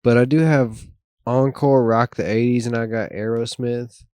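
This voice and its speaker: A young adult man chatting casually as a podcast guest, excitable and rambling, with casual swearing. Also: medium pitch, normal speed, clean tone, no echo, studio quality. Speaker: guest musician.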